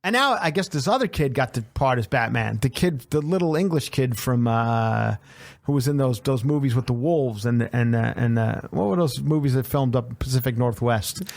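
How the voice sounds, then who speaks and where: A man's voice: mid-range voice, expressive, moderate pace, creaky, dry recording. A man hosting a comedy podcast in a casual, profane rant, riffing and stumbling over names. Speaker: podcast host.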